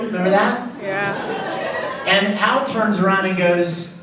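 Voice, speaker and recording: A man's voice: sits high, normal speed, long pauses. A man speaking as a voice actor guest at a convention panel, telling jokey stories and acting out the lines he quotes. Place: large convention hall, voice from far off. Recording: echoey hall, far from mic, loud crowd and noise.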